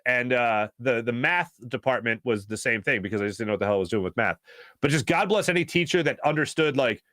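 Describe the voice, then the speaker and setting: A man hosting a casual talk show, rambling through stories with many fillers and animated asides. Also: medium pitch, no echo, clean studio sound. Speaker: show host.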